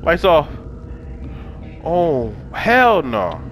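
Young male gaming host, loose casual commentary, excitable and swearing, voice a touch high. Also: very slow, soft background music. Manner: excitable, yells and swears when startled. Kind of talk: casual let's play commentary.

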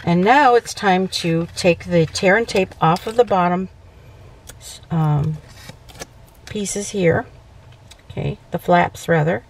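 A woman's voice: on the low side, slow, long pauses, a little hiss or hum. A woman hosting a casual papercraft tutorial, chatty and self-correcting, often checking in with "okay". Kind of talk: casual crafting demonstration.

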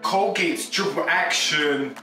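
A man voicing a gushing, over-sweet beauty vlogger with an exaggerated product-pitch delivery. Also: slow, bright, forceful tone, recorded from a distance. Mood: mock-gushing. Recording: echoey room with music.

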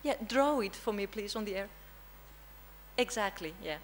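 A woman's voice: medium pitch, lively intonation, normal speed, a little hiss or hum, low-quality recording. A woman with a Greek accent giving an interactive conference lesson, quizzing the audience and often checking in with a questioning "hmm?". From Greece. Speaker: language teacher presenting. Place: conference room.

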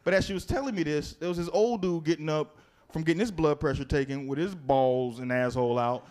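A high-pitched man doing stand-up in a comedy club, telling profane stories with lively energy and talking to the crowd. The live recording carries a lot of noise. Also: fairly quick. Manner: profane, animated storytelling with crowd work.

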